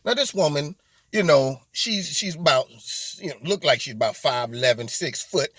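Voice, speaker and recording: A man's voice: a little high, expressive, moderate pace, a bit bright, no echo. A man hosting a political commentary monologue, mocking and emphatic, with rambling asides. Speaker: host of a political commentary channel.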